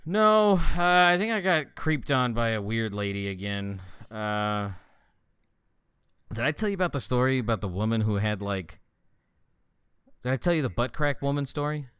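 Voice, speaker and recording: A man's voice: mid-range voice, normal speed, clean tone, no room sound, studio quality. A man telling stories in a casual, profane chat with a friend, often laughing. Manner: profane, laughing, animated storytelling. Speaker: friend chatting.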